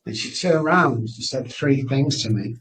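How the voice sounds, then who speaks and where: A man's voice: medium pitch, animated, moderate pace, a bit bright, recorded from a distance, low-quality recording. Candid middle-aged man. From Manchester, England. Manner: earnest, candid, frequent restarts. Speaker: guest. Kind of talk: personal storytelling interview.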